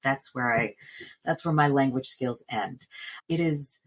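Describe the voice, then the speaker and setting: A woman's voice: rumbling low, measured pace, slightly rough, poor audio. An American woman from New Jersey, a voice coach, answering interview questions in an earnest, reflective way. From New Jersey, United States. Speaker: voice coach and actor.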